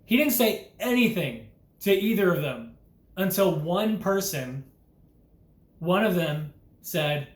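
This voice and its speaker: A man's voice: high voice, lively intonation, takes it slowly, reverberant. A young man delivering an impassioned, earnest preaching monologue as a Christian vlogger, urgent and full of rhetorical questions.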